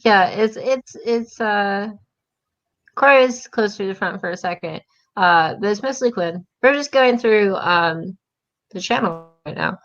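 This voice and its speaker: A woman's voice: medium pitch, a little slow, fairly bright tone, highs cut off. A woman hosting a casual livestream chat, blunt and swearing, laughing often. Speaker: livestream host.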